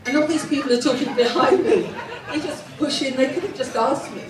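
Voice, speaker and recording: A woman's voice: high-pitched, fairly quick, reverberant, recorded from a distance, a crowd in the background, poor audio. A posh-sounding woman from England performing a self-mocking stand-up comedy set, telling stories built around punchlines. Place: live comedy venue with audience.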